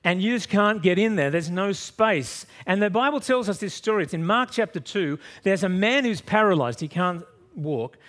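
Aussie pastor preaching, storytelling, goes loud then drops quiet, voice a bit high. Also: male voice, normal speed. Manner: lively storytelling, swings from loud to soft. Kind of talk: sermon.

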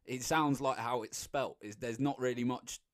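A young man co-hosting a casual podcast chat, jokey with quick quips. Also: medium pitch, fairly even intonation. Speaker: podcast co-host.

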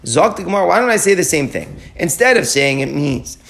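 Talmud teacher guy, highish gravelly voice, breaks it down step by step. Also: very animated, a little fast, fairly bright tone. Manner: explains step by step, repeating key phrases; quotes short Aramaic phrases, then translates. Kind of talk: Talmud study lecture.

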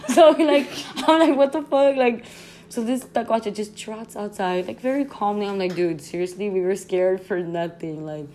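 A young woman hosting a podcast, telling a story in a casual, animated, slangy way, full of "like" and swearing. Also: mid-range voice, moderate pace, a little hiss or hum. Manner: animated, slangy, constant "like", swearing, laughs often. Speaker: podcast host.

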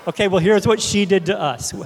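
A man's voice: sits high, brisk, a little hiss or hum. A middle-aged man from Texas preaching a conversational sermon, telling stories and asking the congregation questions. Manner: casual, conversational, addresses the congregation directly. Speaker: pastor. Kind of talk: sermon with storytelling. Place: church sanctuary. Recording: long hall reverb.

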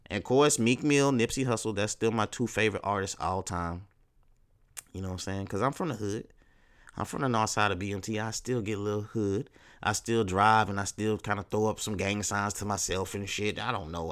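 A man holds forth alone on his podcast, his voice sitting a little low. He rambles in a laid-back, profane way, full of street slang. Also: bright, forceful tone, clean tone. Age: 30s. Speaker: podcast host. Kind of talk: casual solo podcast talk.

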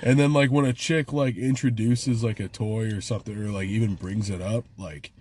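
A man's voice: fairly low pitch, fairly even intonation, moderate pace, a little mellow, slight background noise. A man co-hosting a casual podcast, talking in slang, calling his friend "dog" and "bro", and swearing freely. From Michigan. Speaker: podcast co-host.

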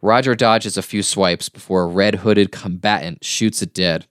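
A man's voice: deep voice, steady tone, normal speed, no room sound, studio quality. A man co-hosting a podcast, reading a plot recap with casual asides. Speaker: podcast co-host.

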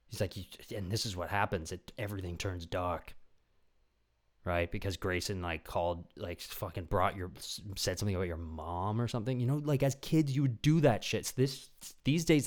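Deep-voiced rambling young man podcaster. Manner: rambling, animated, swears a lot, acts out voices. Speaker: podcast host. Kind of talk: casual comedic monologue.

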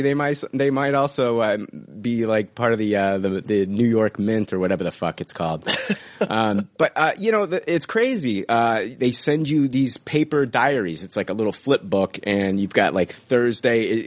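A man's voice: mid-range voice, animated, moderate pace. A man hosting a podcast, rambling casually with lots of swearing and laughing at his own jokes. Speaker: podcast host. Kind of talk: casual profane banter.

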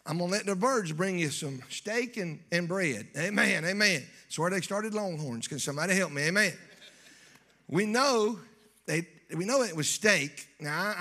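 A man preaching a folksy, joking sermon in church that builds to shouting. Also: high voice. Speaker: pastor.

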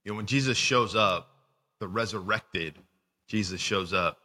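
A man co-hosting a casual faith podcast, animated and lively, who stumbles and restarts his words. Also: on the low side, normal speed, big-room sound. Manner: animated, acts out voices in retellings, restarts words. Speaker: podcast co-host. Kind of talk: casual faith discussion with scripture reading.

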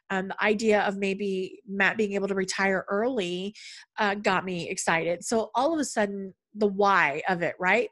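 A woman's voice: medium pitch, fairly bright tone. A middle-aged woman talking in a casual, conversational way, with frequent fillers and a storytelling flow. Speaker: podcast speaker on money. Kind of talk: casual talk.

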